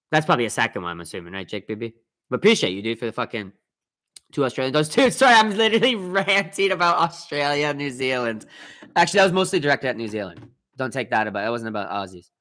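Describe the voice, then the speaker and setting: A man's voice: mid-range voice, fairly bright tone. A man hosting a casual livestream, ranting heatedly and swearing often while reacting to his chat. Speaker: livestream host.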